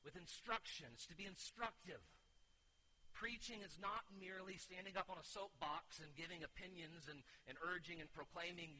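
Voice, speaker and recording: A man preaching a sermon as pastor, moving from quiet teaching to loud, urgent exhortation and often restarting with repeated words. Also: on the high side, fairly quick, a little hiss or hum, low-quality recording. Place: church sanctuary.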